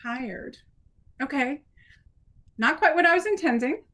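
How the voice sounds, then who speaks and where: A woman with a high-pitched, expressive, slightly bright voice speaks unhurriedly. As an instructor leading an improv exercise in a training workshop, she's encouraging and conversational, adding playful demonstrations.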